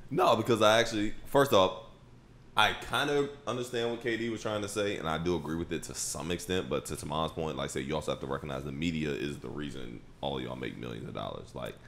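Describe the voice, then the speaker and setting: A young man co-hosting a basketball podcast, laying out his view deliberately in a casual debate. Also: very deep voice, creaky, a bit bright, slight background noise. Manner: deliberate, keeps saying "like I said". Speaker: podcast co-host.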